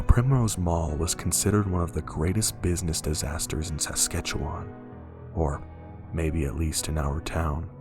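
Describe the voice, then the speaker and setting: A man narrating a scripted horror story in a calm, measured way. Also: low voice.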